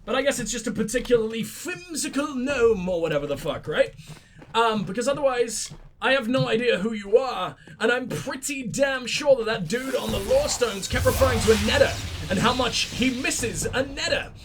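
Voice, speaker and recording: High-voiced, sweary let's play host. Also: male voice, moderate pace, faint music behind. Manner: sweary, sarcastic, excitable. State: sick, stuffy-nosed. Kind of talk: gameplay commentary.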